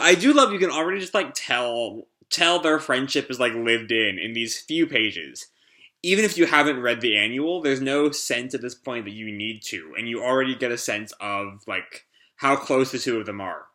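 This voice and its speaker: A man giving casual, rambling commentary as he reacts to a comic live. His voice is bright and his delivery is full of fillers and quick self-corrections. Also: medium pitch, animated. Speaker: comic reviewer.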